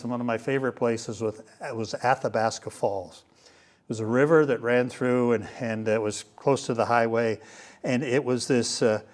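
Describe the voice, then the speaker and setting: An older man teaching a Bible class in a relaxed lecture style, pausing often with fillers and restarts. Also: medium pitch. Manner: hesitant, many fillers and restarts. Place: room with a live class.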